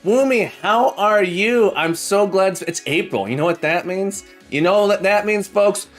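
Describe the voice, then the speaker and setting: Upbeat man hosting a livestream over music. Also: high voice. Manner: upbeat, greets chat by name, sing-song drawn-out names. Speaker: livestream host. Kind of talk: casual livestream chat with viewers. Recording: soft background music. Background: background music.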